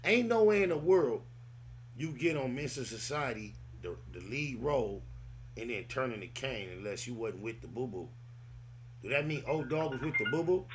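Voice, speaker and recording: A man's voice: mid-range voice, animated, normal speed, a little hiss or hum. A man hosting a podcast, telling stories casually in loose street slang. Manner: loose, rambling storytelling full of street slang. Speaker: podcast host. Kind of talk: casual chat.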